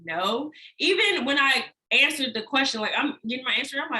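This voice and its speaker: Young woman, bright voice, slightly high, candid and emotional, laughs between words. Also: expressive, fairly quick, low-quality recording. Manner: candid, emotional, laughs often mid-sentence. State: holding back tears. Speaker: life and healing coach. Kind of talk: personal vlog monologue.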